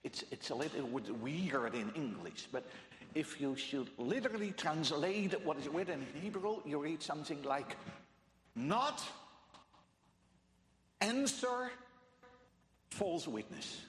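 A man preaching a sermon, emphatic and repetitive, dropping to a hush and then rising loud. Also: fairly high pitch, lively intonation, normal speed, slight background noise. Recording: echoey hall with long reverb.

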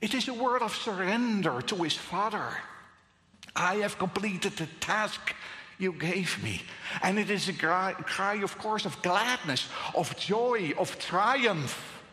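Preacher guy, slow and bright, swings from whispers to cries, big echoey hall. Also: sits high, lively intonation. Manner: dramatic swings between hushed whispers and raised cries. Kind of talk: sermon. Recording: echoey hall with long reverb.

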